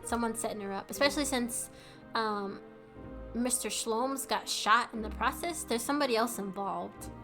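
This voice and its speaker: A woman's voice: fairly high pitch, normal speed, fairly bright tone, faint music behind. A young woman streamer commenting casually on a game, filling her talk with "like". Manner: casual, lots of "like". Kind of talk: live gameplay commentary.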